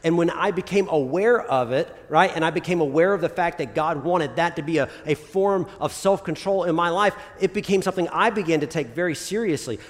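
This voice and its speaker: A man preaching a casual, conversational sermon as a pastor, often checking in with his listeners with "right?" and "okay?". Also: on the high side. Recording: long reverb of a large hall.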